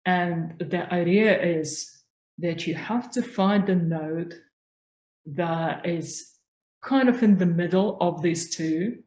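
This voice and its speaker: A woman coaching on spiritual growth, speaking slowly and calmly. Her voice sits a little low, and she explains each point patiently and deliberately. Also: poor audio. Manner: slow, calm, explanatory. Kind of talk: instructional talk on voice.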